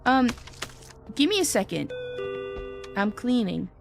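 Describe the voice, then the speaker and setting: A woman streamer commentating a horror game live, reacting loudly and swearing often as she chats. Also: fairly high pitch, slow, gravelly, music in the background. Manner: loud animated reactions, frequent swearing; chatty, thanks viewers in passing.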